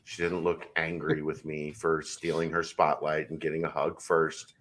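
A man's voice: extremely low pitch, completely flat delivery, normal speed, a bit bright. A man co-hosting a casual sports podcast, explaining his points with confidence. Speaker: podcast co-host.

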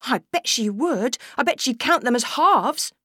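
A woman reading aloud voices a bossy, fair-minded young girl in a bright, high voice. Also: lively intonation, a little slow, slightly rough, dry recording, studio quality, full character voice.

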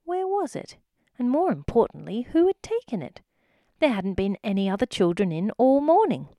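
Brief: woman storyteller, mid pitch, animated reading for kids, dry close sound. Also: normal speed, dry recording. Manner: expressive, addressing the listener.

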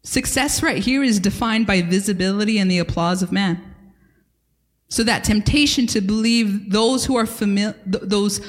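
A woman's voice: medium pitch, moderate pace, big-room sound. A woman pastor delivering a sermon at a church service, earnest and emphatic with repeated phrases.

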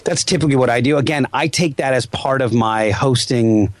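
Man, 40s, podcast host; lively storyteller, dry close sound. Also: medium pitch, fairly quick, no echo. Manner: animated, acts out quoted voices. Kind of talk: casual storytelling chat.

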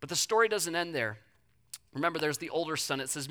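Bright-voiced, dramatic preacher. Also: mid-range voice, expressive. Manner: dramatic, swings from loud emphasis to soft and slow; addresses listeners directly. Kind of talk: sermon.

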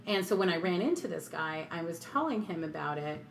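A woman's voice: lowish voice, animated, fairly quick, gravelly, slight background noise. A woman telling a personal story in candid, casual chat. She swears freely and acts out the lines of the people in her story. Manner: frank and profane, acts out quoted dialogue.

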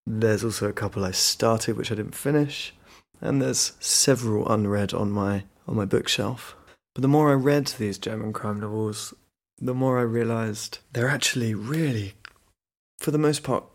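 A man's voice: medium pitch, normal speed. A man hosting a book podcast, talking in a chatty, enthusiastic, rambling way with frequent restarts. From Britain. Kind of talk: casual monologue.

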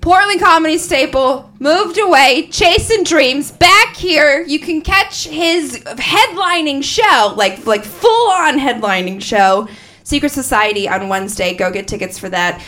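High, lively woman emceeing a comedy show. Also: measured pace. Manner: hyped shouting then chatty and casual. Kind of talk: emcee introduction. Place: comedy club.

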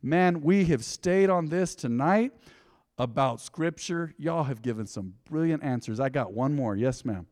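A man's voice: a little high, expressive, a little slow, a little mellow. Man teaching in a reverberant church. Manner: conversational, emphatic preaching. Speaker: pastor. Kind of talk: teaching a Bible study. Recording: long hall reverb.

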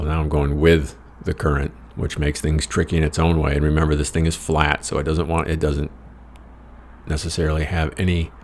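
A man's voice: extremely low pitch, vocal fry, slight background noise. An American man telling a rambling travel story in a wry, profane, self-mocking way. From United States. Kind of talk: casual personal storytelling.

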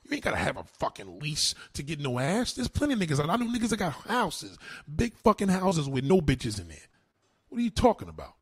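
Husky-voiced New man ranting. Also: on the high side, huge pitch swings, fairly quick, no room sound. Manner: combative, repetitive, heavy cursing and slang. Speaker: livestream host answering comments. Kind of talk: profane ranting commentary.

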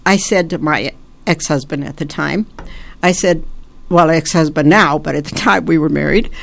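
A woman's voice: sits low, normal speed, vocal fry. An older woman from Italy, a guest on her son's show, telling family stories in a rambling, self-interrupting way. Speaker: guest, host's mother. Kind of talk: casual family storytelling.

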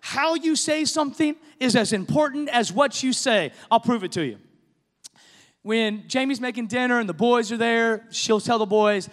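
High-voiced pastor preaching in a reverberant hall. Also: male voice, moderate pace. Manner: impassioned preaching, rising to shouts. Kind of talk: sermon. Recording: long reverb of a large hall.

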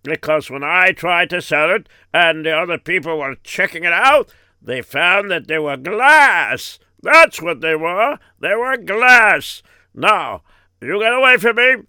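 A man's voice: high-pitched, animated, unhurried, pushed and bright, clean tone, no room sound, full character voice. A man voicing a wary businessman who accuses the seller of swapping his goods. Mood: accusing. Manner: accusing, brushes off the other. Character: wary cheated male businessman.

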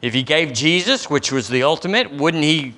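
A man's voice: on the high side, lively intonation, moderate pace, pushed and bright. A middle-aged man preaching a sermon as pastor, folksy and acting out little dialogues. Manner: folksy, acts out dialogues with God.

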